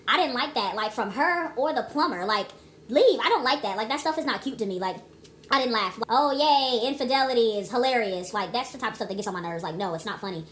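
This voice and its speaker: A young woman talks through a movie review in a loose, rambling way, stopping and restarting as her thoughts pile up. Her voice sits a little high and she leans hard on her points. A faint hum of room noise sits behind her. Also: a bit bright. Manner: chatty, emphatic, many restarts and asides.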